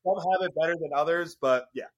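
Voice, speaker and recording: A man's voice: a little high, quick pace, muffled recording. A man hosting a podcast interview, chatting casually and joking with his guest. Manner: casual, joking asides to listeners. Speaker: podcast host.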